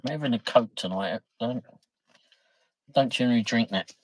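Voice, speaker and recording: A man's voice: mid-range voice, normal speed, dry recording, poor audio. A middle-aged man, chatting casually on his livestream, reading viewer comments, laughing easily and swearing mildly. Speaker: livestream host.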